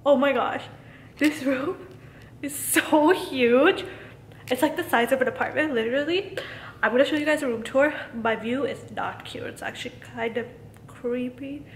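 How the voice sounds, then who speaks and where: A woman's voice: high-pitched, normal speed, reverberant, slight background noise. A young woman vlogging casually and gushing, often saying "literally" and "like", with a giggly manner. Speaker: beauty vlogger. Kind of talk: casual vlog chat. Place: large hotel room.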